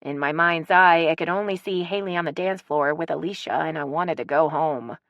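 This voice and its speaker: A woman narrating a romance audiobook in an even, storytelling manner on a close studio mic. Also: low-pitched, normal speed, dry recording, muffled recording. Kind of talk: scripted narration.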